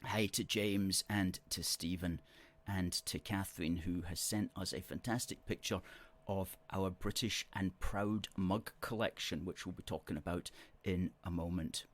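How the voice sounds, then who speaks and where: A man's voice: deep voice, fairly even intonation, a little slow. A man hosting a live stream, reading out viewer comments and answering them with emphatic, repeated words. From Scotland. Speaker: host.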